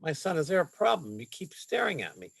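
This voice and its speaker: A man putting on a prim, soft-spoken nun in a joke. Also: a little high, wildly swooping pitch, fairly quick, vocal fry, husky, dry recording, voice pushed up, full character voice, rough recording. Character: young woman posing as a nun, calm, teasing. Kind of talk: telling a joke.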